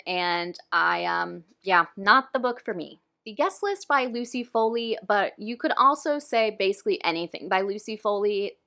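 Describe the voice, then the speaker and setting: A woman's voice: medium pitch, creaky, bright, forceful tone. A young woman reviewing books in casual, ranting chat, full of "like" and fillers. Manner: chatty, frequent "like", ranting. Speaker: book reviewer.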